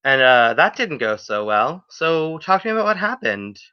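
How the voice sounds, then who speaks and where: A man's voice: a little high, sing-song, normal speed, smooth, no room sound, pitched above the performer's own voice. A man doing a sly, mocking interrogator woman. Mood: sarcastic. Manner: sarcastic, teasing. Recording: dull lo-fi recording.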